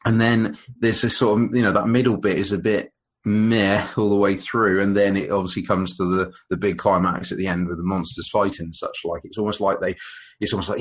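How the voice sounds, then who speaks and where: A man's voice: low voice, little pitch movement, a little fast. A man co-hosting a podcast, chatting casually about an old monster film in a rambling way, with lots of fillers and restarts. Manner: rambling, full of fillers and restarts, laughs often. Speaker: podcast co-host. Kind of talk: casual film review chat.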